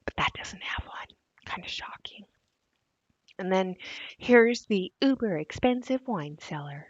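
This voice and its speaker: A woman's voice: mid-range voice, expressive, measured pace, dry recording, highs cut off. A woman hosting a casual commentary video, sarcastic and given to laughing at what she shows. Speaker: commentary host.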